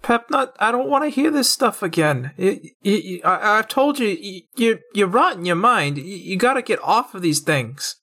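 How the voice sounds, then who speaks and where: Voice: medium pitch, lively intonation, moderate pace, hardly any pauses, a bit bright, voice pushed up. A player voicing a weary young man, a reluctant hero who stammers and sighs at his family. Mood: pleading.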